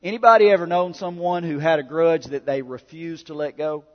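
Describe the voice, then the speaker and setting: A male pastor preaching a sermon. He moves from quiet conversational asides to loud, repeated exhortations. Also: fairly high pitch, steady tone, brisk. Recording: dull sound with long hall reverb.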